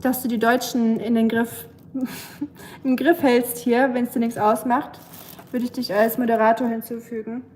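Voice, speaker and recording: Her voice is fairly high but darkish, flat, and measured in pace, with slight background noise. This young native German speaker, with a German accent, cooks in her home kitchen while chatting casually with livestream viewers, answering them and searching for words. The recording echoes with clattering dishes.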